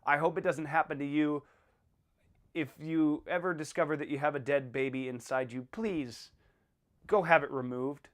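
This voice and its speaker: A man hosting a podcast in a casual monologue, animated and blunt, acting out little exchanges as he talks. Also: fairly high pitch, moderate pace. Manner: animated, acts out little dialogues in a raised voice; blunt and irreverent. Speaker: podcast host.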